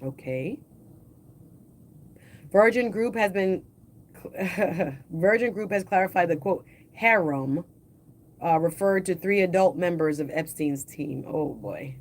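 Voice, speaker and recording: A woman hosting a livestream, reading news articles aloud in a slow, deliberate way and adding casual asides of her own. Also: fairly low pitch, animated. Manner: reads quotes slowly and deliberately, adds casual asides. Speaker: livestream host.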